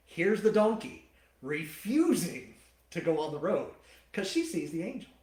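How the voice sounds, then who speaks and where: A man pastor teaching a sermon, retelling the story in a lively, colloquial storytelling way. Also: a little high. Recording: roomy church hall.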